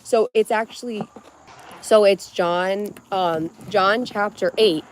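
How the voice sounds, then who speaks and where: A young adult woman live-streams fresh out of bed, sounding dry-lipped from just waking up. Her voice is medium-pitched and slow, and she chats casually and rambles, full of "like"s and restarts.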